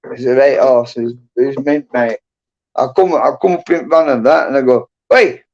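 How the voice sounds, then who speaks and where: A middle-aged male livestream host chats casually, rambling and swearing, peppering his talk with "and that" and "you know." His voice is medium in pitch and darkish in tone, at a moderate pace, captured in dull lo-fi livestream audio.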